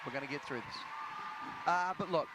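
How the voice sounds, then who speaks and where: A male host runs a live online show, joking with his partner and calling out to the audience. His voice sits slightly high, and steady background noise is clearly heard behind him. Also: a little fast. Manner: teasing, hammy, audience-addressing. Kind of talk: upbeat live hosting banter.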